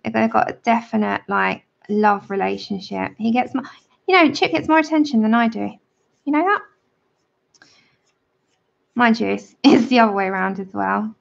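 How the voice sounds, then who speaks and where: A woman's voice: fairly high pitch, expressive, moderate pace, gravelly, long pauses. A woman giving a chatty, friendly drawing tutorial on a livestream. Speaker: art tutor. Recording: dull lo-fi livestream audio.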